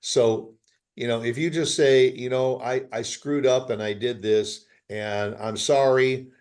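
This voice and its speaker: A man's voice: medium pitch, fairly even intonation, unhurried, a little mellow. A man co-hosting a podcast in casual chat, easygoing, repeating words and chipping in with short replies. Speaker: podcast co-host.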